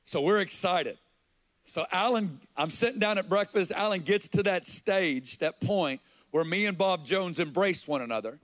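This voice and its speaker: Earnest preacher, higher pitched. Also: male voice, fairly bright tone, no room sound. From Arkansas, USA. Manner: earnest, slow and halting, with quoted dialogue. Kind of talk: sermon storytelling.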